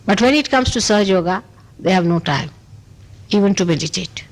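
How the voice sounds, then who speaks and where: A woman's voice: brisk, low-quality recording. A woman with an Indian accent gives a spontaneous spiritual talk on an old tape recording, answering questions emphatically and repeating "you see". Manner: animated and emphatic, pitch rising on key points; speaks in short repeated phrases with "you see". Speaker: spiritual teacher.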